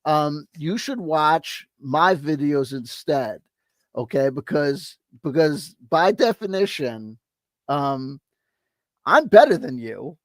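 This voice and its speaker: A man's voice: a little high, lively intonation, slow pace, dry recording. A man giving blunt, rambling commentary on a video he reacts to, with many restarts. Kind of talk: casual opinionated commentary.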